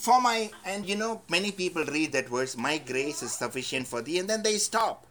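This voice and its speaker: High-voiced animated male preacher. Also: moderate pace. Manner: animated storyteller, swings between loud emphasis and soft asides. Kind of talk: storytelling sermon.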